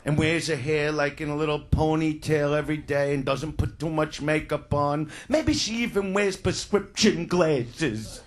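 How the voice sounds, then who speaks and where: A man doing crude, loud stand-up comedy, shouting his punchlines. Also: on the high side, slight background noise. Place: comedy stage before a live audience.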